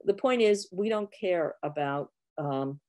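Woman, 60s, from New York; low voice, frank explanatory answers over a video call. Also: animated, unhurried, a little mellow. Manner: frank, explanatory, many fillers. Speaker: guest professor. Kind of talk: online Q&A answers.

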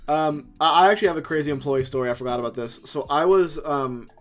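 Young man, podcast co-host, rapid casual chat, slightly higher voice. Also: faint music behind. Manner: fast animated storytelling.

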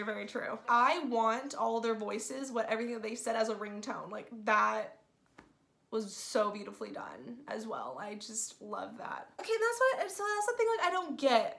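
A woman giving a casual spoiler movie review, gushing and excitable, with "like" in nearly every sentence. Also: a little high, creaky. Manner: gushing, excitable, says "like" constantly.

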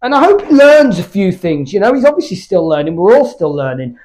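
High-voiced British gym vlogger. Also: male voice, sing-song, brisk, a little mellow. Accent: British English. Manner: candid, rambling, swears freely. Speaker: fitness YouTuber. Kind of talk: casual chat between workout sets. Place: home gym.

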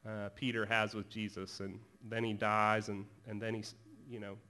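A man giving a chapel sermon in a school performing arts center, telling the story in a conversational, animated way with quick asides. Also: fairly low pitch. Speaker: chapel speaker. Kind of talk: casual sermon.

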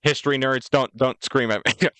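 A man's voice: mid-range voice, steady tone, normal speed, a bit bright, clean tone, no room sound. A young man from the United States co-hosting a podcast, telling history in a rambling, joking way. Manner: rambling, joking, puts on voices for quotes. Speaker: podcast co-host. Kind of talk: casual chat, storytelling.

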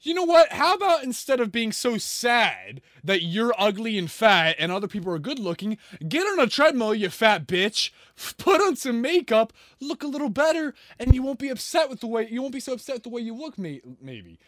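Man, combative profane commentator, high animated voice, dry close mic. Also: a little fast, hardly any pauses, no echo. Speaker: reaction video commentator. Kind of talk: ranting commentary.

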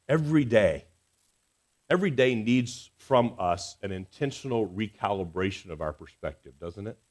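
A man preaching a Sunday sermon in a church, earnest and expressive, swinging between emphatic rises and soft, quiet drops. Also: fairly low pitch, normal speed. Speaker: pastor. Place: church sanctuary.

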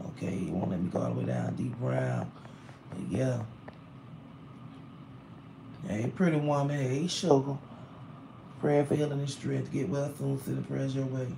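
Tired, gravelly man livestreaming from hospital. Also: mid-range voice, lively intonation, unhurried, long pauses, background noise. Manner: chatty, vents and complains loudly about hospital bills. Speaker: livestreamer reading comments. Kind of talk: casual live stream chat. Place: hospital room.

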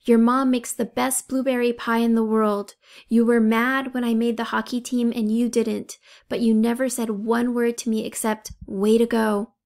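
A woman's voice: on the high side, level tone, moderate pace, creaky, darkish tone. A woman voicing a frightened teenage hockey boy who pleads with a friend. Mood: pleading.

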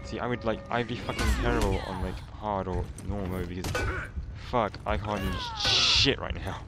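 A young man commenting on his gameplay, swearing often and complaining loudly when he loses. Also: lowish voice, fairly even intonation, normal speed, loud music behind the voice. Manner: swears a lot, exasperated outbursts. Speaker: gaming channel host.

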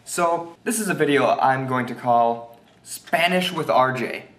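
A young man giving a jokey, mock language lesson, goofy and deliberate and unsure of his own facts. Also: mid-range voice, a bit bright, a little hiss or hum. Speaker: self-styled language teacher. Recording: roomy echo.

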